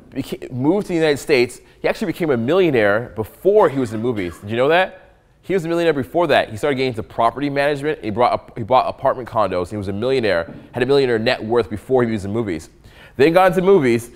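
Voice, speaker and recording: Animated joking man coaching an audience. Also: medium pitch. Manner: animated, joking, profane, acts out quotes. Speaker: dating coach speaking to an audience. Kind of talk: live motivational talk.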